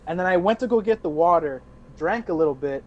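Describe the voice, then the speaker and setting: A man's voice: sits high, expressive, fast, dull audio. A young man, a podcast co-host, telling a rambling party story in casual chat with restarts and laughs.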